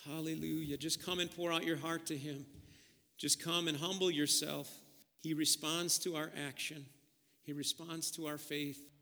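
A male pastor with a bright, forceful, fairly high voice preaches with passion, swelling to loud peaks and dropping to soft prayer. His sermon rings through a church sanctuary with a long, hall-like reverb. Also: level tone, moderate pace. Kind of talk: sermon with altar call.

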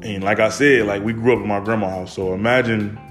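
Young adult male with a lowish voice, loose personal storyteller who rambles and restarts. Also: steady tone, brisk, a bit bright, soft background music. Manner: rambling, heavy on fillers and restarts. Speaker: storyteller recounting his childhood.

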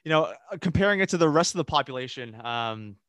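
A man's voice: on the high side, animated, fast, a bit bright, no echo. Laid-back guy on a podcast, kinda hesitant, lots of you knows, dry mic. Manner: easygoing, hesitant, many restarts. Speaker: podcast co-host. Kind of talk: casual podcast chat.

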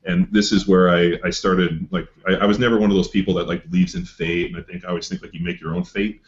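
Middle-aged man, lower voice, profane and animated raconteur; slightly muffled recording. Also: fast talker. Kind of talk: casual storytelling chat. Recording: slightly dull lo-fi audio.

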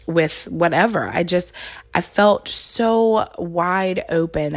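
Woman, podcast host, slightly low voice, gravelly, casual rambling storytelling, lots of fillers, earnest. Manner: rambling, full of fillers and restarts; earnest and heartfelt.

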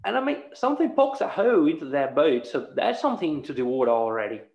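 A man's voice: on the high side, fast, gravelly. Chatty podcast host man, roomy lo-fi sound. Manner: chatty, laughing often, animated asides. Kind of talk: casual podcast chat.

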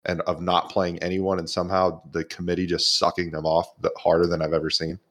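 A man's voice: sits low, little pitch movement, brisk, fairly bright tone. A man co-hosting a casual sports betting podcast, blunt and profane, laughing often. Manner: blunt, swears freely, laughs a lot. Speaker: podcast co-host.

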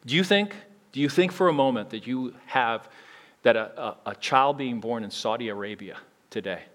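A man preaching a sermon in a conversational way, with frequent restarts and big swings between loud emphasis and quiet asides. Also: mid-range voice, lively intonation, moderate pace. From United States. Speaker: pastor.

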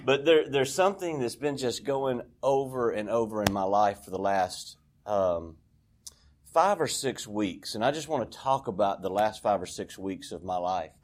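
A man's voice: on the low side, expressive, moderate pace. Candid man in his forties sharing his story. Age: 40s. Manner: candid, self-deprecating, acts out dialogue. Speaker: recovery meeting speaker. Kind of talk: personal testimony talk.

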